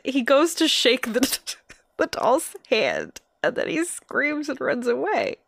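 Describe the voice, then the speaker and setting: A woman's voice: high voice, sing-song, slow pace, gravelly, dry recording, studio quality. A woman co-hosting a casual podcast, telling eerie stories with frequent laughs. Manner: giggly, storytelling. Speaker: podcast co-host. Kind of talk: casual chat.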